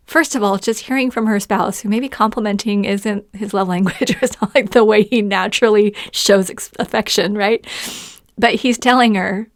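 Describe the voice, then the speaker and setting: Enthusiastic woman doing a solo podcast, laughs a lot, mid-pitched, no room sound. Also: no echo, clean studio sound. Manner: enthusiastic, laughs often, reads listener testimonials aloud. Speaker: podcast host. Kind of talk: casual solo podcast talk.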